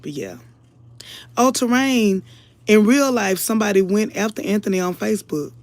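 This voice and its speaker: A woman with a mid-range voice talks to her viewers at normal speed with no echo. As an online commentator she's casual yet earnest and emotional, slipping into preaching and calling everyone y'all over and over.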